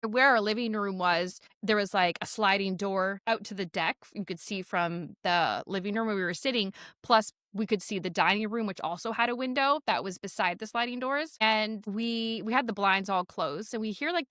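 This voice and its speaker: A woman's voice: mid-range voice, bright, forceful tone, smooth, dry recording, clean studio sound. A woman in her forties, a podcast guest telling a story casually and animatedly, full of "like" fillers.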